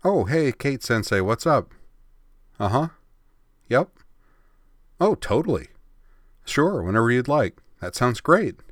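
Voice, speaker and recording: A man voicing a brash, cheeky tomboyish teenage girl, raising his voice into a higher register. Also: very animated, takes it slowly, long pauses, no room sound, studio quality. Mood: breezy. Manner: cheeky, whiny.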